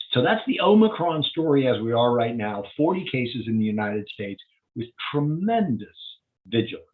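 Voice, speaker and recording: A male physician walks a community audience through slides, explaining the data plainly one step at a time. His delivery is lively, with pitch swinging up and down for emphasis. The sound is thin and tinny, like a phone line on a video call. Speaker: physician giving a public health update.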